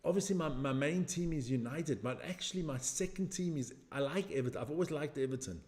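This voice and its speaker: A middle-aged man hosts a casual watch-along live stream, chatting loosely while reacting to a match. His voice is a little high with a darkish tone and a fairly quick pace, and he answers viewer comments and jokes about his age.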